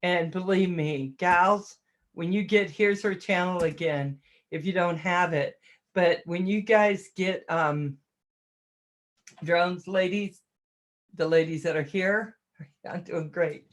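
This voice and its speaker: A woman hosting a relaxed livestream, loose and talkative. She pokes fun at herself and laughs often. She greets her viewers by name as she chats. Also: fairly low pitch, slow pace. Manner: chatty and self-deprecating, laughs often. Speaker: livestream host reading chat. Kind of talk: casual livestream chat.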